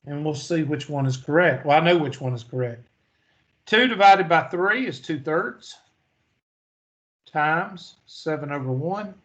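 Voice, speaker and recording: Here a math instructor speaks in a slightly high, fairly bright voice at a measured pace. His lecture has a folksy, storytelling feel, and he keeps asking the class questions before answering them himself.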